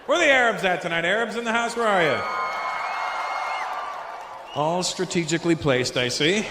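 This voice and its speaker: Stand-up comic in a roomy hall. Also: male voice, high-pitched, normal speed, heavy background noise. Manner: chats with the crowd, jumps into silly put-on voices. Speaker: stand-up comedian. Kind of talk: stand-up routine. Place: large comedy venue with a live audience. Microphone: handheld stage mic. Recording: roomy hall, long reverb.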